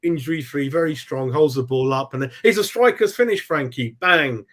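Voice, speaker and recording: A man's voice: fairly high pitch, lively intonation, moderate pace, fairly bright tone. A man giving a post-match fan reaction, thinking aloud and hedging his views with I don't know. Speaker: football fan pundit.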